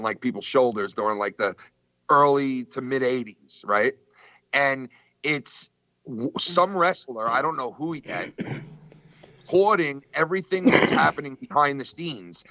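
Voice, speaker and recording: A man chatting casually on a podcast, telling stories in an excitable, profane way with lots of fillers. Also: medium pitch, dry recording, lo-fi sound. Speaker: podcast co-host. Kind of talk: casual chat.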